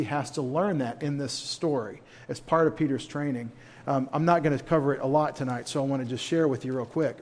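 A man's voice: fairly high pitch, a little mellow. A man leading a church Bible study in a folksy, conversational way, with humorous asides.

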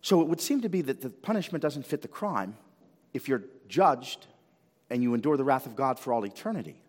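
A male pastor preaching a sermon with animated swings of pitch and volume, often repeating words as he builds. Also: fairly quick. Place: church sanctuary. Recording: long reverb of a church hall.

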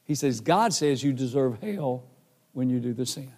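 A man's voice: medium pitch, animated, moderate pace, a little mellow. A man preaching a sermon, earnestly telling his own testimony and acting out the dialogue. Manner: earnest, emotional, acts out dialogue. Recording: hall reverb.

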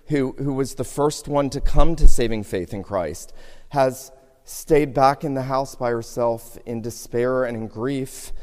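A man preaching a sermon, moving between loud emphatic lines and hushed, slowed passages. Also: mid-range voice. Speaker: pastor. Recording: hall reverb, sermon in a church.

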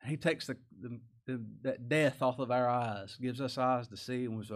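A man's voice: mid-range voice, fairly even intonation, normal speed, hardly any pauses. A man preaching a sermon in a folksy, conversational way, asking rhetorical questions and chuckling as he goes. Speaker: pastor.

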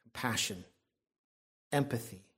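A man preaching a sermon in an earnest, reflective way, often dropping to a soft hush. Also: mid-range voice, measured pace, breathy edge.

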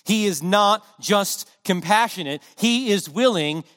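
Man, preacher, high voice, earnest impassioned sermon, emphatic repetition, long hall reverb. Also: expressive, a little slow, a bit bright.

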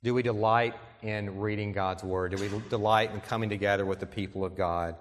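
A male pastor delivering an earnest sermon, reading quotations aloud and slowing down to stress key points. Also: on the low side, fairly even intonation. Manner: earnest preaching, reads quotations aloud, slows for emphasis. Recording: long reverb in a large hall.

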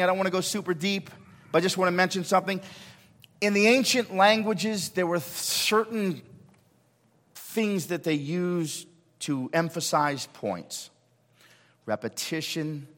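A man, a pastor, preaching a sermon and quizzing the congregation with quick questions. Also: a little high, fairly bright tone. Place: church sanctuary. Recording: church service recording with long hall reverb.

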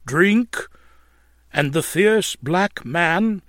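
A man's voice: sits high, expressive, very slow, a bit bright, no echo, clean studio sound. A man narrating an old religious tract in a solemn, mournful, preaching manner, swelling at points of emphasis.

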